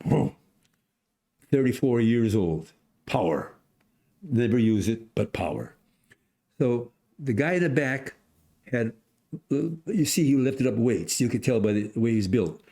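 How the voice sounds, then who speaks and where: A man of a hundred, a podcast guest, telling a story in casual conversation, animated, acting out voices and restarting often. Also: medium pitch, unhurried, pauses often. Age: 100s.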